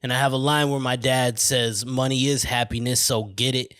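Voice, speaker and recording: A man's voice: medium pitch, steady tone, moderate pace, fairly bright tone, clear, resonant tone, no room sound, studio quality. A man hosting his own podcast in casual chat, rambling off on tangents, swearing freely and often asking "you know what I mean". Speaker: podcast host. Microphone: studio mic on camera.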